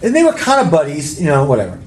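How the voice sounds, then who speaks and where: A man's voice: fairly high pitch, huge pitch swings, rapid-fire, darkish tone, a little hiss or hum. Rambling, cursing man in an echoey room. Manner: rambling, swears freely. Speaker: podcast co-host. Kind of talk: casual storytelling chat.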